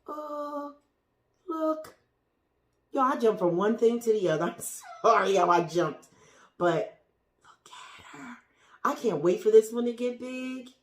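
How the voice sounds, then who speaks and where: Surrounded by houseplants indoors, a woman with a slightly high, expressive voice talks a little slowly as she shows them to her viewers. Her show-and-tell is chatty and gushing, aimed right at the camera, with occasional whispers, and the room echoes.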